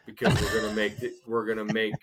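A man co-hosting a casual podcast, telling a long shopping story in an animated way and often calling his friend "dude.". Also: fast talker, breathy edge. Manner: animated storyteller, swings loud and high acting out scenes, says "dude" a lot. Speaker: podcast co-host.

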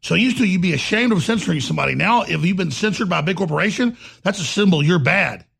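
A man's voice: sits high, animated, fast talker, vocal fry, a bit bright, husky. A male co-host bantering and joking with the host in a political talk show.

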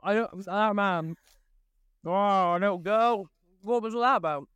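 A man's voice: high-pitched, unhurried, a bit bright, clear, resonant tone, dry recording. A young man, co-hosting a casual podcast in a hyper, joking way. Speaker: podcast co-host. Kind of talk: casual chat.

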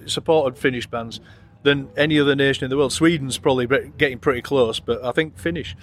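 Middle-aged Yorkshire man, rapid casual chatter, blunt and sweary. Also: mid-range voice, a bit bright, slight background noise. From England. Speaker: metal band guitarist, interviewee. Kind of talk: casual chat.

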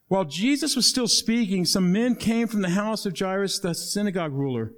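A male pastor preaching a sermon, acting out Bible dialogue and dropping to soft low tones for emphasis. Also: animated, fairly quick, few pauses.

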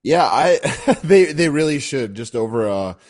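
A man co-hosting a sports betting podcast, talking casually with many pauses and fillers. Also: mid-range voice, lively intonation, darkish tone. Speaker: podcast co-host.

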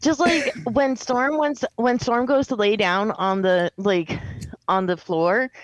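A woman's voice: fairly high pitch, slow, dull audio, a little hiss or hum. A woman co-hosting a podcast, chatting casually and laughing often as she tells stories. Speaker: podcast co-host. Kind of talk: casual chat.

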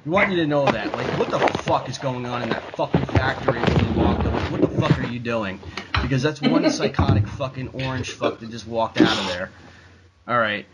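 A man's voice: medium pitch, brisk, very noisy. Profane ranting man. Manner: swears constantly, rambling, fillers like "like". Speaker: podcast co-host. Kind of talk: profane casual rant.

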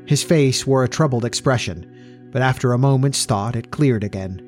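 A man narrating an old-fashioned story in a steady, even storytelling manner. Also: mid-range voice, normal speed, music in the background. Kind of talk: audiobook narration.

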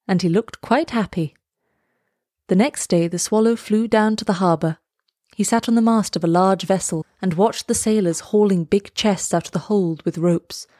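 A woman reading a fairy tale aloud, slow, lilting and expressive. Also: mid-range voice, no room sound, clean studio sound. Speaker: storyteller. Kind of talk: storybook read-aloud.

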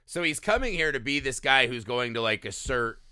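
A man's voice: medium pitch, very animated, moderate pace, bright, forceful tone, smooth, no room sound, clean studio sound. A man co-hosting a casual film discussion, loose and profane, who keeps tagging his points with "right?". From small-town America. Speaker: podcast co-host.

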